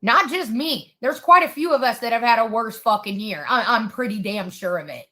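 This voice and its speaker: A woman's voice: fairly high pitch, animated, moderate pace, bright, forceful tone. A woman in an angry, profane rant, furious and swearing hard.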